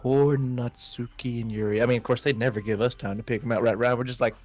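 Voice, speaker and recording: A man hosting a let's play, reading the game's narration aloud in a drawn-out way between casual comments. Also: medium pitch, steady tone, darkish tone, faint music behind. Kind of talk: reading game text aloud and chatting.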